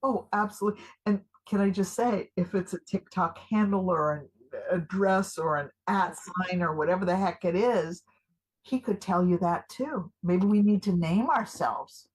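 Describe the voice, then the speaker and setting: A woman's voice: fairly low pitch, moderate pace, slightly rough, rough recording. A woman performing live improv, playing an eager, jittery older activist who gushes over every idea and frets about being found. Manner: gushing, excitable, a little paranoid.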